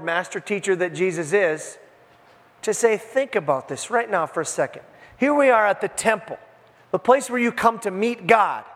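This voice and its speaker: High-voiced male pastor in a reverberant church. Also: a bit bright. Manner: conversational, emphatic, acts out voices in the scene. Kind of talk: sermon. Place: church sanctuary.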